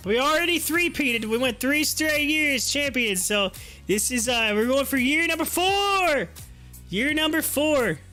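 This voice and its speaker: A man hosting a casual stock market livestream, chatty and excitable, laughing often as he talks. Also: very high voice, measured pace, soft background music. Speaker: stock market livestream host and youth football coach.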